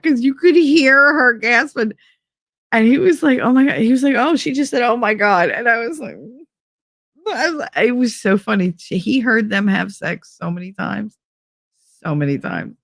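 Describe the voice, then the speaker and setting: A woman's voice: a little high, animated, normal speed, gravelly, a bit bright, dry recording. A young adult woman streamer chatting casually while reading quiz questions aloud, blunt, joking and full of profanity. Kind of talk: casual chat reading online quizzes aloud.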